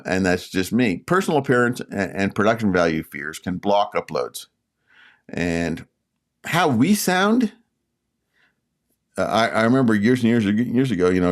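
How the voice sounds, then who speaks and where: An older Canadian man with a Canadian accent and a raspy, sore voice, hosting his channel and giving rambling casual advice with many fillers and restarts. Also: on the low side. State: sore throat. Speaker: YouTube channel host.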